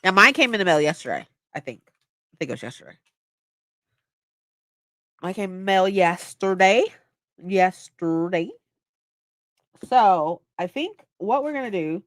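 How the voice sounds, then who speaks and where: A woman's voice: lowish voice, expressive, a little slow, pauses often, fairly bright tone, no echo. A woman in her twenties casually chatting on a livestream, playful and mock-dramatic as she reads her chat aloud. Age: 20s. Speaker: livestream host.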